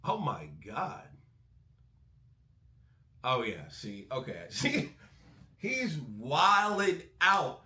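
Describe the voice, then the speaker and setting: A man hosting a music breakdown channel, talking in a casual, excitable, profane way. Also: on the high side, very slow, pauses often, echoey room. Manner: animated, excitable, swears freely. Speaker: music reaction host.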